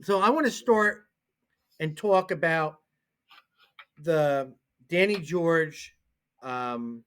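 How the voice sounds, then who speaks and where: A man's voice: a little high, very slow, pauses often, clean tone. A man co-hosting a casual sports talk show, telling stories animatedly and acting out the people he quotes. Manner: animated storyteller who acts out the people he quotes.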